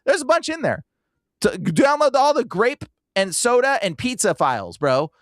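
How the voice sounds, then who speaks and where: Podcast host, male, high and very animated, casual rants, dry close mic. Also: normal speed, no echo. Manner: animated, impersonates people he talks to.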